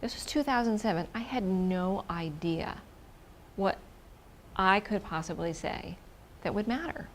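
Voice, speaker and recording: A woman telling a personal story in an expressive, effusive way, repeating words for emphasis and now and then dropping into a whisper. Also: medium pitch, a little slow, long pauses, slight background noise.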